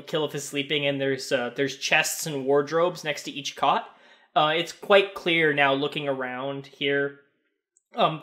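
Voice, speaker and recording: Halting game master man narrating. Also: a little high, sharp tone. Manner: halting, with many fillers.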